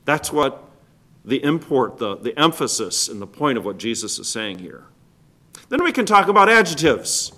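A man preaching a sermon as pastor, asking the congregation rhetorical questions and swinging between loud stressed words and quiet drops. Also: mid-range voice, very animated, moderate pace.

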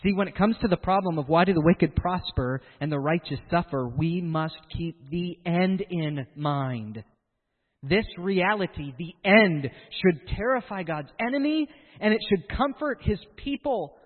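Guy preaching a sermon, kinda high voice, big echo like a hall, tinny phone-ish sound. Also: a little slow. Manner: animated, acts out quoted voices.

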